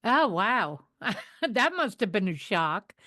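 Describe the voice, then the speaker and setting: Woman podcast host, slow and unhurried, lots of short agreeing replies. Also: medium pitch, big pitch swings, bright, forceful tone. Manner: responsive, frequent affirmations and laughs. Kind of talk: interview conversation.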